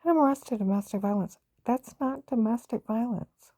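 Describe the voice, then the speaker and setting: Speaking at normal speed with a warm, fairly high voice and no echo, an older woman vlogger gives an urgent, intense account of her own experiences. The story rambles as she goes.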